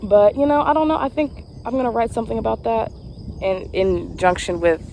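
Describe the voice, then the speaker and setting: A woman's voice: on the high side, animated, brisk, creaky, darkish tone, slight background noise. A young woman with a Southern American accent, chatting casually outdoors in a rambling vlog story. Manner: rambling, chatty, many restarts and fillers. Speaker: vlogger, camp counselor. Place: outdoors, rural, in the sun.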